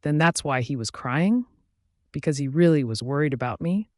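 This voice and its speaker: A man reading a first-person fantasy romance as an audiobook, in a steady, expressive voice. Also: fairly high pitch, normal speed, no echo, studio quality. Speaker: audiobook narrator.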